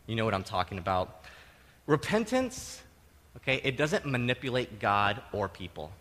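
A middle-aged man preaching a sermon, conversational and animated, tossing in tag questions and acting out quotes with sudden loud bursts. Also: on the low side, normal speed, long reverb tail. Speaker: pastor.

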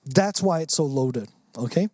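An earnest preacher delivers a sermon with strong emphasis. The speaker acts out quoted lines in different voices. The pitch sits in a middle range, and the recording is dry and close with no room echo. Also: lively intonation, moderate pace, warm tone.

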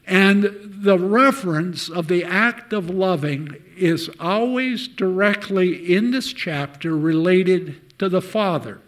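A man preaching a sermon, telling a story and loudly acting out the lines of the people in it. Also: high voice, slow, hardly any pauses. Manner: storytelling, shouts out acted quotes.

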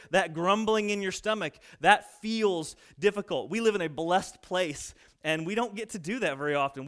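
A man preaching a sermon, reading scripture and acting out boastful people in lively asides. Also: sits high. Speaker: pastor.

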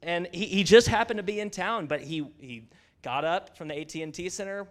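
A man's voice: high voice, brisk, a bit bright. A man preaching a sermon in a conversational, enthusiastic way, addressing the listeners as y'all.

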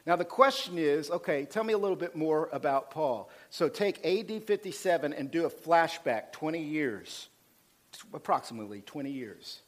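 High-voiced preaching pastor, man. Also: lively intonation, normal speed. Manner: preaching with rising intensity, dropping low for asides. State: fired up. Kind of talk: sermon.

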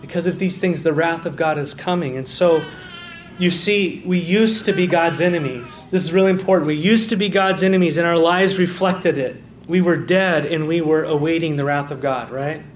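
A man preaching a sermon as pastor, dropping to quiet low stresses and rising to loud, fervent calls of "amen". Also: moderate pace, roomy sound. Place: church sanctuary.

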